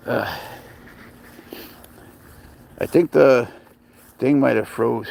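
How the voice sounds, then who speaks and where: A man chatting casually on a live stream, swearing freely, laughing often and slipping into soft baby talk with his pet. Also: medium pitch, very slow, vocal fry, pauses often, a little hiss or hum, poor audio.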